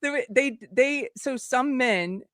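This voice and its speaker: A woman's voice: high-pitched, slow, no echo, clean studio sound. A woman hosting a live stream, chatting casually, laughing often and reading viewer messages aloud. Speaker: livestream host.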